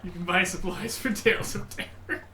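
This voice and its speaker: High-voiced man chatting in an echoey room. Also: steady tone, moderate pace, sharp tone, a little hiss or hum. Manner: chatty, laughs often. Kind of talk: casual gameplay chat.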